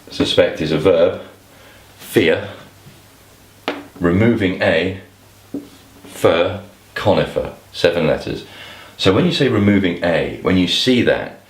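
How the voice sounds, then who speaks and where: Very deep-voiced man explaining clues. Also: reverberant. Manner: thinks aloud, with restarts and asides. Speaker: crossword tutor. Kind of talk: explanatory lesson to camera.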